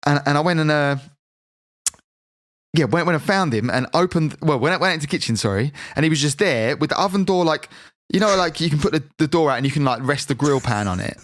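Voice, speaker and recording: A man's voice: on the high side, animated, fast, fairly bright tone, no room sound, clean studio sound. A young British man telling a rambling, sweary story in casual podcast chat, full of restarts. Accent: British English. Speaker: podcast co-host.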